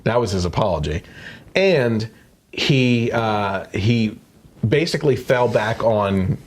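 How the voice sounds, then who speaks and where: A man with a lowish voice hosts a casual podcast. He reads news excerpts aloud and then comments on them with open indignation. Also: expressive, slow. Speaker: podcast host.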